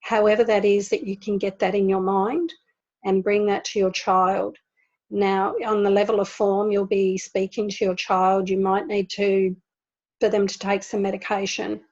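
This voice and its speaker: Woman, spiritual teacher, steady flat delivery, soft repetitions, dull video-call sound. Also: medium pitch, unhurried. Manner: gentle, repeats words for emphasis. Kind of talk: spiritual talk to an online group.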